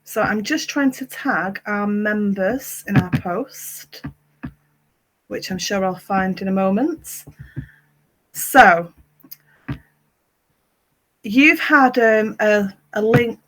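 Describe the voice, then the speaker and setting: A woman's voice: mid-range voice, slow pace, long pauses, a bit bright, poor audio. A woman hosting a book club interview, speaking in a friendly and encouraging way. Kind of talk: casual interview chat.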